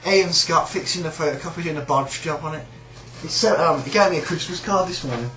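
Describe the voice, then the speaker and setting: A man's voice: fairly high pitch, fairly quick, echoey room, over music, rough recording. A man with a British accent ranting in a sneering, rambling, sweary way about a coworker. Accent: British English. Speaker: shop worker. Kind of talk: casual rant.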